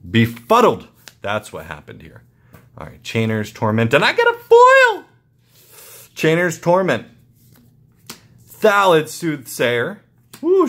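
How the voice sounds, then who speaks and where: Young man, pack-opening vlog, slow muttering commentary, excited yelps, lively pitch. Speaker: card-opening channel host.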